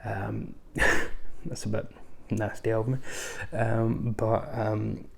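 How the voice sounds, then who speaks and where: A man's voice: lowish voice, completely flat delivery, very slow, gravelly. A man hosting a casual film review, rambling along with frequent ums, restarts and chatty asides. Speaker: film reviewer, channel host.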